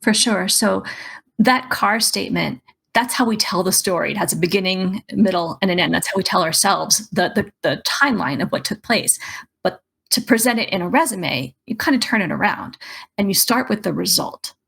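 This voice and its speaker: A woman's voice: medium pitch, moderate pace, creaky, fairly bright tone, husky. A woman career coach giving emphatic, persuasive advice in a podcast interview. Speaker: career coach and resume writer.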